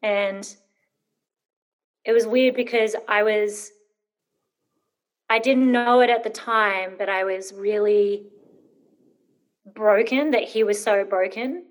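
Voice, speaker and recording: A woman's voice: mid-range voice, steady tone, slow pace, long pauses. A woman in her thirties, an interview guest telling a personal story, hesitant with many ums and rambling when nervous.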